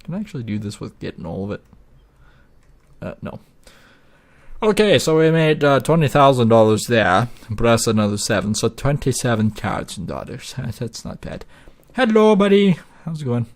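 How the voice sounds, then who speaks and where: A man talks over his gameplay in a loose, rambling way. His voice sits at an ordinary middle pitch. He swears freely and drifts into rants as he plays. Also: lively intonation, moderate pace. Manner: rambling, profane and ranting. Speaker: gaming video host. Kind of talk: casual gameplay commentary.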